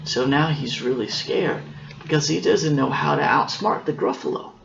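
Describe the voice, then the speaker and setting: A father reading a picture book aloud to his daughters, unhurried, stopping to explain the story and correct himself. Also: fairly high pitch, gravelly, lo-fi sound, background noise.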